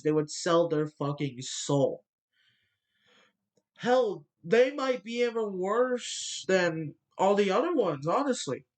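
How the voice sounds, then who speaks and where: A man ranting bluntly into the camera, swearing often and filling pauses with fillers, his nose stuffy from a cold. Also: high-pitched. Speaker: vlogger. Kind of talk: ranting monologue.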